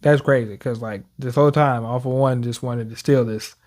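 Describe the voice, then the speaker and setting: A young man casually reacting to manga chapters, reading panels aloud with slang and quick laughs. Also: mid-range voice, fairly even intonation, darkish tone.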